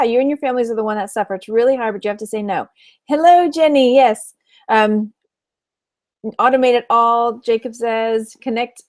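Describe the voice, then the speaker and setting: A woman with a fairly high-pitched, slightly mellow voice talks casually on a livestream. She is from Texas, works as an online reseller and stream host, laughs often, and reads comments from her viewers aloud.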